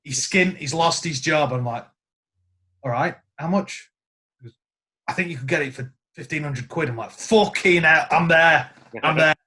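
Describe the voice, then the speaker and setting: A man's voice: on the high side, moderate pace. A man, a guest guitarist, telling stories in casual podcast chat and acting out the quotes. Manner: animated storyteller acting out quotes.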